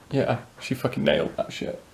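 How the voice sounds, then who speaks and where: A man's voice: fairly bright tone, a little hiss or hum. A man with a Doncaster accent, chatting casually in a blunt, crude and self-mocking way. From England. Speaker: co-host. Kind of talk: casual chat. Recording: roomy echo.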